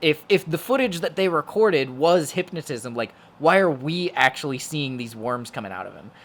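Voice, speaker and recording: A man's voice: a little high, animated, moderate pace. A young man co-hosting a podcast, chatting casually about a horror movie in a rambling, filler-heavy way with plenty of swearing. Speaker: podcast co-host. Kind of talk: casual movie review chat.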